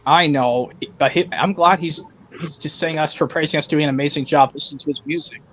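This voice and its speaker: A man hosts a casual online stream, stumbling and restarting his sentences as he talks. His voice sits a little high. The call carries a faint hiss. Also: a little fast, fairly bright tone, poor audio. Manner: hesitant, frequent restarts. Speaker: stream host. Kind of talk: casual chat.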